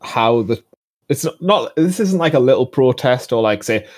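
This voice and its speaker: Male co-host, mid-pitched, rambling and sardonic, heavy on fillers. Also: expressive, normal speed. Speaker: podcast co-host. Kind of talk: casual chat.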